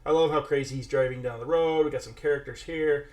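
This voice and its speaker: A man's voice: fairly high pitch, quick pace, a little mellow. A man hosting a casual screen-share tutorial, chatting his way through each step and talking to a toddler at his side. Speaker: AI art tutorial host.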